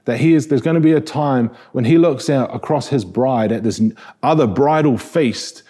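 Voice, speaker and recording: This preacher, who has a New Zealand accent, speaks at an ordinary speed in a mid-range voice that is warm, mellow and a little husky. His sermon feels relaxed and conversational as he restarts phrases and asks his congregation questions.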